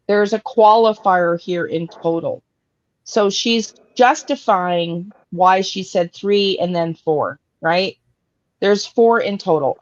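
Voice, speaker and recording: A woman's voice: mid-range voice, dry recording, dull audio. A blunt, outspoken woman host giving casual commentary on a clip, swearing freely. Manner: blunt, swears, talks in quick bursts.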